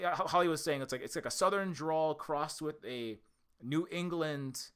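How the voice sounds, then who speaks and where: An American man who develops indie games and hosts a channel gives a casual, rambling commentary on an old film, often stopping to correct himself and restart sentences. His voice is fairly high and fairly bright, smooth, at a normal speed.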